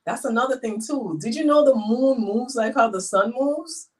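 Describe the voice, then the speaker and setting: A woman tells personal stories in a lively, emotional way, her voice riding a little high. She sounds a bit away from the microphone. Her delivery is casual and heartfelt, swinging wide as she goes. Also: normal speed. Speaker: guest. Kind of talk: casual storytelling. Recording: voice a bit far from the mic.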